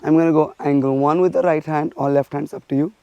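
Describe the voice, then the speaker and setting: A man's voice: on the high side, steady tone, fast talker, vocal fry, smooth, no echo, lo-fi sound. Man teaching a stick drill, dry sound. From India. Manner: counting strikes aloud while demonstrating. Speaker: martial arts instructor.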